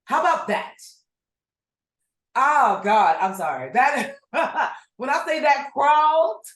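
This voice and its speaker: Blunt, animated woman podcast host. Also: sits high, slow, reverberant. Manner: blunt, animated, swears freely. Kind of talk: casual podcast chat.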